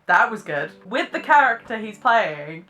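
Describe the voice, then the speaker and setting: A woman's voice: medium pitch, big pitch swings, unhurried, bright, forceful tone. A British woman giving chatty, self-deprecating reaction commentary, laughing often as she talks. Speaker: vlogger reacting to clips.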